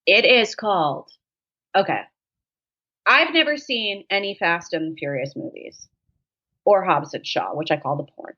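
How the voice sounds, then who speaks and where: Podcast guest, woman: jokey, profane, animated storyteller, somewhat low voice, muffled lo-fi sound. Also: measured pace, long pauses. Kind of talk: casual chat. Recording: dull lo-fi sound.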